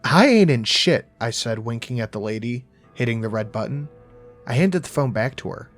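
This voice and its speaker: A man's voice: medium pitch, brisk, faint music behind. A man narrating a first-person horror story in a casual, profane, wry voice.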